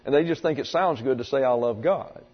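A man preaching a sermon, teaching slowly and deliberately with frequent pauses and fillers. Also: mid-range voice, slightly rough. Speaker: pastor. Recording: dull, echoey hall recording.

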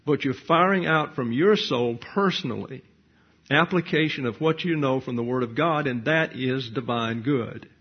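A man's voice: medium pitch, moderate pace, breathy edge, dull audio. A man preaching a verse-by-verse sermon, teaching point by point, answering his own rhetorical questions and dropping dry, wry asides.

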